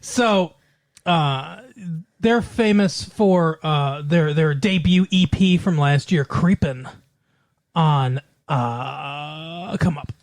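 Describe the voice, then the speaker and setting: A woman co-hosting a podcast in casual comedic chat, teasing and deadpan, often halting mid-sentence. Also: sits low, no echo, clean studio sound. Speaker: podcast co-host.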